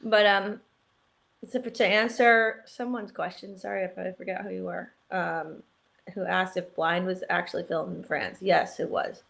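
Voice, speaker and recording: A woman's voice: lowish voice, fairly even intonation, normal speed, gravelly, a bit bright. A woman co-hosting a chat show, chatty and enthusiastic, full of "like". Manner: chatty, enthusiastic, says "like" a lot. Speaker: co-host. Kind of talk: casual chat.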